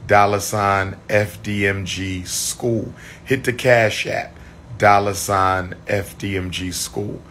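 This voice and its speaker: A man chatting on a livestream, losing his voice, repeating shout-outs to his viewers. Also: on the low side, steady tone, slow, slight background noise. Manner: repetitive, call-and-response shout-outs to viewers. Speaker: livestream host. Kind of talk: casual livestream chat.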